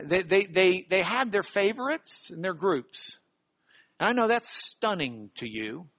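A Bible teacher giving a sermon-style lesson, who repeats key phrases for emphasis, reads scripture slowly and deliberately, and asks the audience questions directly. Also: medium pitch, a bit bright, no echo.

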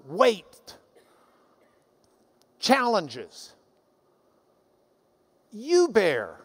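A man preaching a sermon as pastor, animated, dropping to soft asides. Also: extremely high pitch. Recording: long hall reverb.

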